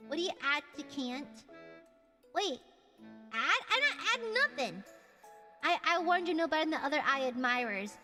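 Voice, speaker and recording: A woman hosting a casual livestream and reading chat, with dramatic, shouty mock outrage and playful insults. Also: very high voice. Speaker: streamer host reading chat. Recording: long reverb with music behind.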